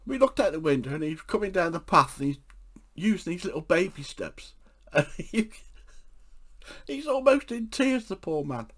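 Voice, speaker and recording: A man's voice: high voice, very animated, normal speed. A man from England, telling funny anecdotes from his life for a podcast and often laughing at his own stories. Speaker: podcast storyteller. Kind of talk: anecdotal storytelling.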